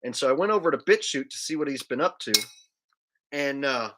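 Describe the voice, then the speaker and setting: A man's voice: medium pitch, lively intonation, a little fast, background noise. A man hosting a casual livestream, rambling loosely and dropping "man" and "like" as he talks. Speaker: livestream host.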